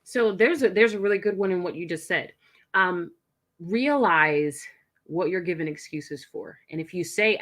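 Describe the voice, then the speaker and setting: A woman guest giving an energetic, emphatic motivational pep talk. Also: mid-range voice, moderate pace. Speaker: guest coach.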